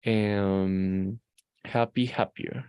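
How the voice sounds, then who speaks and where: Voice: sits low, steady tone, extremely slow, a little mellow, smooth, no room sound. An English student reading rules aloud in class, hesitant, with many fillers.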